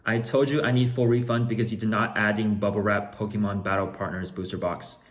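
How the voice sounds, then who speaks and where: A man's voice: on the low side, little pitch movement, a little fast, lightly acted. A man voicing a pushy, indignant male scammer customer who makes demands in broken phrasing. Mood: angry.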